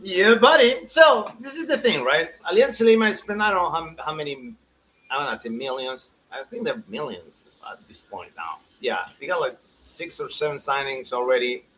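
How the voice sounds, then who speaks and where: A man, chatting casually as a soccer pundit, animated and laughing as he acts out quotes. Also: fairly high pitch, moderate pace, a little hiss or hum, poor audio. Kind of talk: casual podcast chat.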